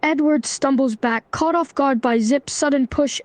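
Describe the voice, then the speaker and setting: A synthetic woman's voice narrates story actions in an even, unhurried way. It sits slightly high and sounds dry and close, with no room behind it. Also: no room sound.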